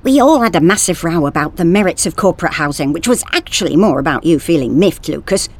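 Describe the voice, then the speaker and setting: A woman's voice: lowish voice, animated, fast, a little mellow. A woman voicing a blunt, practical male factory worker who talks to his friend in a chummy, exasperated way.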